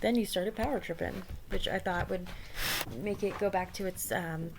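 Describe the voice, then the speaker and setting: A woman's voice: on the low side, fairly even intonation, moderate pace, gravelly, background noise. A woman vlogger commenting casually on the screen, swearing freely, laughing often and sometimes dropping to a murmur.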